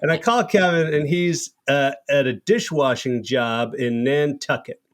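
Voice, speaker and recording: A man in his fifties, a podcast host telling a long, animated anecdote in casual chat with plenty of restarts. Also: mid-range voice, a little slow. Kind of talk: casual storytelling.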